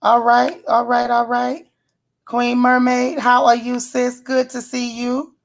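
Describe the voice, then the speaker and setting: A woman hosts a casual live stream with a voice sitting a touch high. She talks in folksy slang and calls out her viewers one by one by name. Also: completely flat delivery, slow. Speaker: livestream host.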